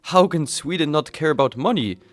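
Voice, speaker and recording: A man voicing a brash, money-loving United States countryball with a loud, boastful put-on swagger. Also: mid-range voice, sing-song, normal speed, lightly acted.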